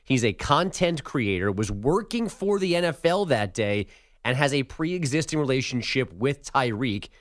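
A man's voice: mid-range voice, lively intonation, normal speed, dry recording. A man reading sports headlines on a talk show with wry, dry humor. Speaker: news reader. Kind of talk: headlines with banter.

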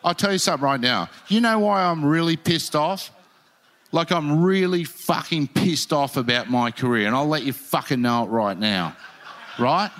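A man's voice: fairly high pitch, expressive, normal speed, a bit bright. A man telling surfing stories in casual chat, heated and swearing. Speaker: podcast guest, former pro surfer.

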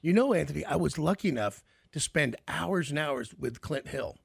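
A male radio host with a slightly high, gravelly and husky voice, recorded dry and close. He chats and tells stories with many restarts. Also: expressive, moderate pace, dry recording. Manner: chatty, storytelling, lots of restarts. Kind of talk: casual interview.

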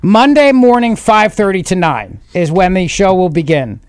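Jokey middle-aged male radio host, high-pitched voice, dry close studio mic. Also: very animated, no room sound. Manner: jokey, self-mocking, quick asides. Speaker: radio talk show host. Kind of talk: casual studio banter. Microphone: studio microphone.

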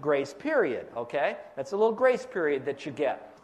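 A man's voice: a little high, very animated, normal speed. A pastor preaching a sermon, explaining step by step and quizzing his congregation for fill-in answers.

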